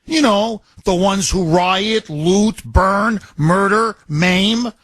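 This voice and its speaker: A man's voice: sits high, very slow, a bit bright, no room sound. A man hosting a political talk radio show, delivering an impassioned, emphatic monologue full of repetition.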